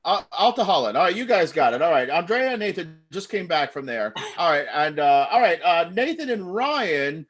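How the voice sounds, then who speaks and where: A man hosting a live improv comedy show over a video call, talking in an excitable, rambling way. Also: on the high side, normal speed, hardly any pauses. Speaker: improv host.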